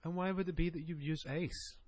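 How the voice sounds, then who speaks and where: A man's voice: a little high, steady tone, a little fast, darkish tone. A man co-hosting a wrestling podcast, joking, swearing and laughing often in casual banter.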